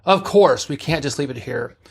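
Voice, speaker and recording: A man voicing a gruff, blunt male ship doctor who barks orders in a read-aloud story. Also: medium pitch, lively intonation, normal speed. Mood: brusque. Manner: brusque, barking orders.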